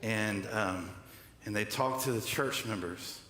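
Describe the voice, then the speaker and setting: A man's voice: lowish voice, slow, pushed and bright. A man preaching a sermon as pastor, conversational and joking, asking the congregation to answer back. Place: church hall. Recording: echoey hall with long reverb.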